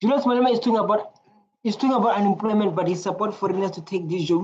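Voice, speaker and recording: A man's voice: high-pitched, steady tone, rapid-fire, a little mellow, highs cut off. A man hosting a reaction video, talking casually, rambling and repeating himself between exclamations and coughs. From South Africa.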